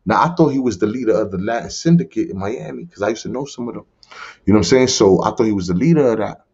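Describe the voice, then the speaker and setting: Gravelly and husky yet a little mellow, his lowish voice moves fast with lively intonation. This podcast guest from the Bronx, New York, tells his life story as personal testimony in casual conversation, using streetwise slang and often asking "you heard?" The recording is dull and lo-fi.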